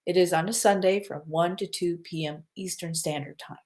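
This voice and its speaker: A woman's voice: fairly low pitch, fairly even intonation, normal speed, darkish tone. A woman working as a psychic medium, chatting casually on a livestream and repeating her reminders.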